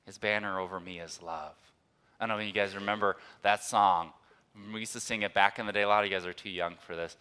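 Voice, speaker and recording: A married man preaching a conversational sermon, moving between hushed, tender moments and loud, emphatic ones. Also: on the low side, lively intonation, quick pace, clear, resonant tone. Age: adult, old enough to be married. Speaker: pastor.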